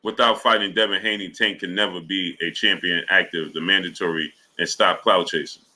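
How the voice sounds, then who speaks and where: Bright-voiced male boxing streamer. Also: low voice, fairly quick, low-quality recording. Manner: animated, shouts out viewers by name. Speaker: boxing talk show host. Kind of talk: live-stream chat reading super chats.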